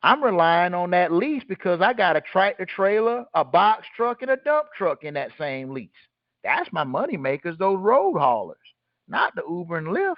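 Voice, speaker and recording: A man's voice: high-pitched, sing-song, normal speed, dry recording, dull audio. A man hosting a call and teaching in a casual, blunt way, throwing rhetorical questions at his listeners and answering them himself. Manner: blunt and colloquial. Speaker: host teaching a group call.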